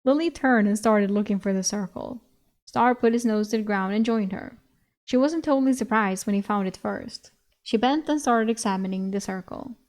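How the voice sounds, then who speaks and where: A woman streamer reading a novel aloud in a relaxed, conversational way. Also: medium pitch, moderate pace. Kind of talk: casual read-aloud narration.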